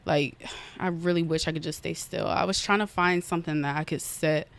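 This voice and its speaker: Recording on an iPad perched on a wobbly stand, a young podcast host with a lowish, creaky voice retells a story quickly and with lots of animation. She acts out her own outbursts in a casual style.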